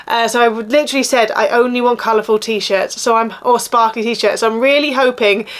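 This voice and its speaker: A woman's voice: fairly high pitch, fairly even intonation, a little fast. A woman in her thirties with an Essex accent, chatting casually and complaining through a clothing haul. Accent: Essex English. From England. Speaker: vlogger.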